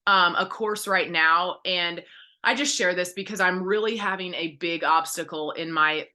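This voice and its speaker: Brief: woman, 30s, team leader, bright voice, candid and rambling, pep-talk delivery. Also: lowish voice, normal speed. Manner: candid, encouraging, rambling with many fillers. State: close to tears. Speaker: direct sales team leader. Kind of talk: motivational team call talk.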